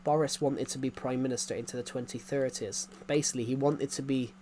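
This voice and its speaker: A man's voice: mid-range voice, fairly even intonation, fairly quick, warm tone. A man, chatting casually on a game live stream, rambling and repeating himself with frequent chuckles.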